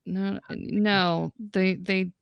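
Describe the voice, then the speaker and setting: A woman's voice: mid-range voice, steady tone, very slow, creaky, clear, resonant tone, no room sound, muffled recording. A woman co-hosting a live drawing stream, chatting casually with teasing, enthusiastic banter. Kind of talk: casual chat.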